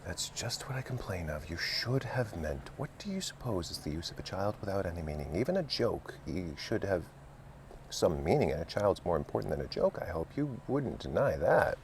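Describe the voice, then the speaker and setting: A man's voice: deep voice, very animated, brisk, few pauses, a little hiss or hum, voice pushed up. A man voicing the stern, bossy Red Queen, impatient and scolding in manner.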